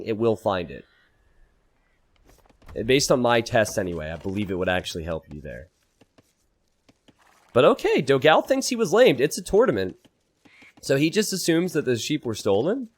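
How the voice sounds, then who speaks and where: An animated male caster commentates a strategy game match in esports commentary, his pitch swinging widely. He explains tactics casually, then leaps into high, loud disbelief when surprised.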